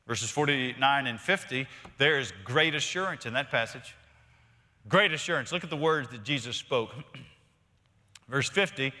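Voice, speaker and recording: Man, pastor, sermon, bright forceful voice, emphatic, loud then hushed, long hall reverb. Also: a little high. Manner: emphatic preaching, swings from loud to hushed, repeats words.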